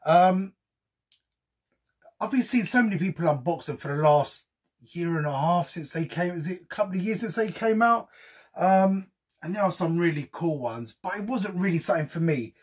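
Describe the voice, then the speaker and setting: A man's voice: high-pitched, lively intonation, moderate pace, slightly rough. A man chatting casually as he unboxes a collectible for his channel, with frequent ums and slang. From United Kingdom. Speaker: unboxing vlogger.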